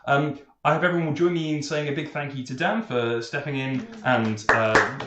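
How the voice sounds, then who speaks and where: A man's voice: on the high side, brisk, roomy sound, highs cut off, heavy background noise. A man running a tabletop game as game master, talking with enthusiasm and frequent fillers.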